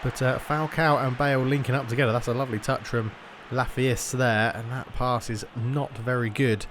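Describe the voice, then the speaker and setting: A young man talks his way through a football video game in a relaxed, chatty flow. He thinks aloud as he plays and drifts into mock match commentary, his pitch sitting in an ordinary middle range. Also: normal speed, a little hiss or hum. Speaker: gaming YouTuber. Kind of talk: casual gameplay commentary.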